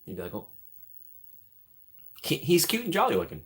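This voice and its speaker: A man hosting a live stream, rambling casually and joking as he thinks out loud while reading the chat. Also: on the high side, wildly swooping pitch, rapid-fire.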